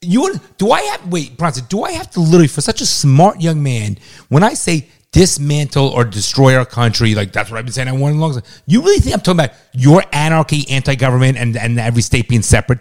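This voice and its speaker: A man's voice: mid-range voice, sing-song, fast talker, a little mellow. A middle-aged man, a father, arguing heatedly with his son, exasperated, swearing and talking over him. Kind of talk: heated family argument.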